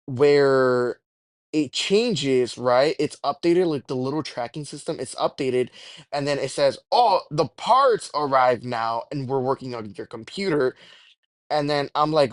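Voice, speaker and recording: A man's voice: fairly high pitch, animated, unhurried, no echo. A young man telling a rambling, profane storytime with jokey exaggerations. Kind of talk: casual storytime rant.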